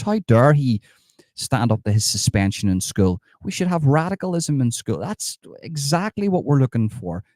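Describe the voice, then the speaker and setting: A man's voice: medium pitch, dark tone, dry recording, clean studio sound, natural voice. A man doing a sarcastic impression of a smug, mock-outraged politician, mocking comments in a live stream. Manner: sarcastic, mocking, reads comments and scoffs at them.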